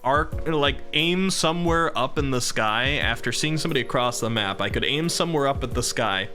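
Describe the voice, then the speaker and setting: Guy in his 30s streaming, bright forward voice, laughs a lot, faint music behind. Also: mid-range voice, animated, normal speed. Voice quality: rambling and chuckling between thoughts. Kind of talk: casual live-stream chat.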